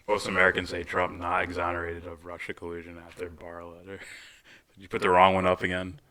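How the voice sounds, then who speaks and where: A deep-voiced man co-hosting a casual podcast, laughing often and tossing out crude jokes. His tone is bright and forward, and the sound is dry with no room in it. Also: monotone, normal speed, long pauses, no room sound. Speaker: podcast co-host. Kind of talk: casual chat reacting to a video.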